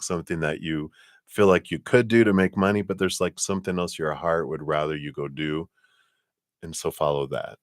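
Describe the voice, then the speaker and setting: A man's voice: sits low, dry recording, studio quality. A man giving casual live tarot readings in a laid-back, chatty way, laughing often and letting sentences trail off. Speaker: tarot reader.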